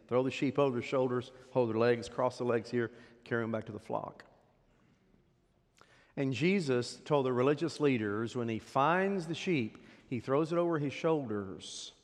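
A man preaching a sermon as a pastor, swinging from loud emphatic peaks down to hushed, quiet drops. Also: medium pitch. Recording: long hall reverb.

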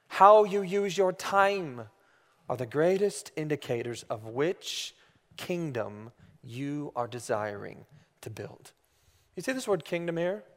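A man in his thirties preaching a sermon, earnest and imploring, dropping almost to a whisper on key words. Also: high voice. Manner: earnest, imploring, drops to near-whispers for emphasis. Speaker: pastor. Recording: reverberant hall.

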